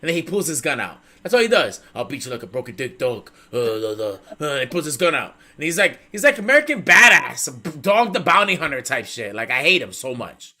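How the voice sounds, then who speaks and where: A male host tells a story to his stream in a loose, profane, animated way. His voice swoops up and down a lot and sits a little high for a man. It has a bright, forceful edge. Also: brisk, hardly any pauses. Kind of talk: casual storytelling chat.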